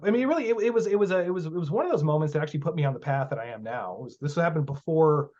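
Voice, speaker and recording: A man speaking a little high for his sex, talking bluntly and swearing freely as he tells stories with heavy emphasis. His voice comes through muffled and lo-fi, as on a casual podcast interview. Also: lively intonation, very fast, hardly any pauses, darkish tone. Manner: blunt, profane, emphatic storytelling. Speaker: guest, magic teacher. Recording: muffled lo-fi audio.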